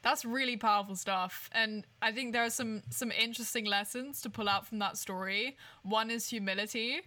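A woman's voice: on the high side, steady tone, normal speed, pushed and bright. A woman hosting a podcast interview, encouraging her guest and drawing lessons out of the guest's story in a casual way. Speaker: podcast host.

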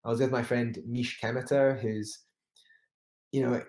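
A man's voice: mid-range voice, flat delivery, measured pace, a little mellow, echoey room. A man telling a climbing story in a casual interview, rambling with many restarts and fillers. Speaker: climber guest.

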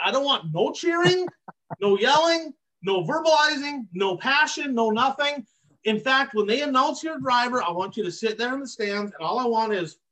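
A man's voice: very high-pitched, a bit bright. A man hosting a racing podcast, ranting emphatically in casual commentary and hammering his points with repeated catchphrases. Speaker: podcast host. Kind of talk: heated casual commentary on dirt track racing.

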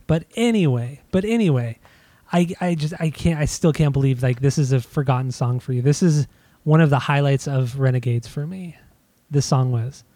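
A man's voice: mid-range voice, moderate pace, warm tone, no echo. A man co-hosting a casual music discussion, insistent and restarting his sentences often. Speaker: podcast co-host.

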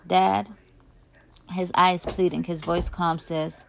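A woman reads a first-person novel aloud, her voice low-pitched and full of gravelly fry. She reads expressively, getting louder when the characters shout. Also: little pitch movement, takes it slowly. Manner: emotive, raises volume for shouted lines. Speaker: audiobook reader.

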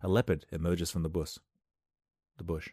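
Low-voiced guy rambling through a comedy podcast bit, wry, keeps cutting himself off, dry close mic. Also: flat delivery, dry recording. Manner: rambling, wry, self-interrupting, with quick loud outbursts. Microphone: close studio microphone.

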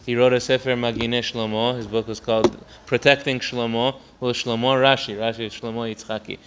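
Against a noisy background, a male Torah teacher briskly works through a religious text line by line with little pitch movement overall. Still, he often halts to restart a phrase, and on key points his voice climbs in pitch and loudness for emphasis.

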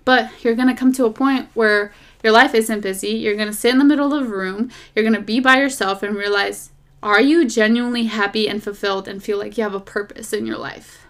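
A woman hosting a podcast, chatting casually about faith and dating in a rambling, animated way, recorded as a phone voice memo. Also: on the high side, a little fast. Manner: rambling and animated, drifting off topic, lots of fillers. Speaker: podcast host.

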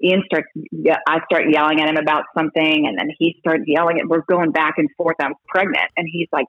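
A woman who reports on baseball broadcasts, chatting in an interview as an animated storyteller who restarts her sentences a lot. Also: low voice, a little fast, few pauses, highs cut off, slight background noise. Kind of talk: casual interview talk.

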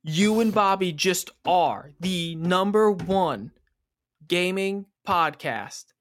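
A man co-hosting a gaming podcast in casual chat, playful and quick to laugh. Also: high voice, animated, fairly bright tone.

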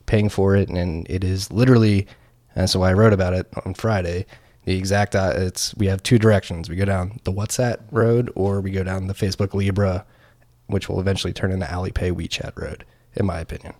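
A man's voice: sits low, fairly even intonation, brisk, darkish tone. A man co-hosting a podcast in casual, joking chat, rambling with frequent ums. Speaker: podcast co-host.

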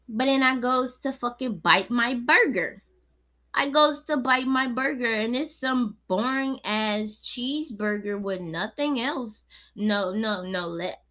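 A woman, hosting a podcast and telling a story in a casual, profane, animated way that swings between laid-back and heated. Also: medium pitch. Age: 20s. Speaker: podcast host.

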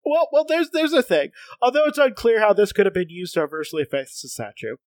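A man's voice: high voice, animated, quick pace, dry recording. A man co-hosting a casual comics podcast. He reads passages aloud, laughs a lot and often restarts his sentences. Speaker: podcast co-host.

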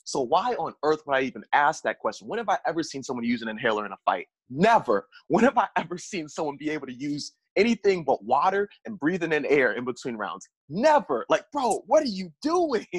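Male guest, husky and lively, slangy and laughing, dry close mic. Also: fairly high pitch, quick pace, hardly any pauses, dry recording. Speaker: podcast guest. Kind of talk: casual chat about fights.

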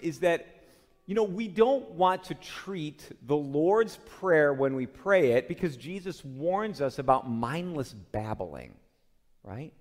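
A man preaching a sermon as pastor, earnest and steady, often slipping into spoken prayer addressed to the Lord. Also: on the high side. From Chicago area, USA. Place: church sanctuary during a communion service. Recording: long hall reverb.

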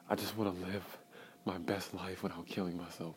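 Young dude from georgia, deep voice, rambling profane podcast rant, goes from mumbling to yelling, faint room sound. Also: male voice, flat delivery, moderate pace, slight background noise, poor audio. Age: young adult. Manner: profane, rambling, emotionally raw, swinging from muttering to loud outbursts. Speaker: podcast host. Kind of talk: raw solo podcast monologue.

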